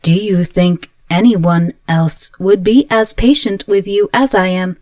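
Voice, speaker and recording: A woman voicing an obsessive, volatile female android in an audio roleplay, speaking slowly and earnestly in a pleading way. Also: medium pitch, darkish tone, no room sound, clean studio sound, natural voice. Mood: resentful.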